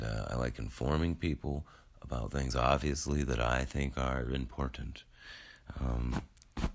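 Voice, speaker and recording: A man in his forties, just woken up, rambling to his viewers in a casual, self-deprecating vlog monologue. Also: rumbling low. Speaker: YouTube creator.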